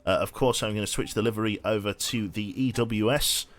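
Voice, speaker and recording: A man's voice: lowish voice, brisk. A young man chatting casually while streaming a game, rambling and swearing with lots of restarts. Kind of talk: casual live-stream chat.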